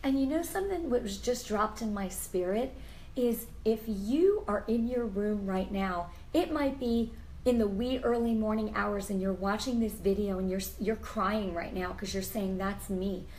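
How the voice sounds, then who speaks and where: A woman's voice: medium pitch, moderate pace, a little mellow, a little hiss or hum, poor audio. A woman hosting a Christian interview show, fervent and emotional, urging viewers to cry out to God and praying aloud. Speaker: host.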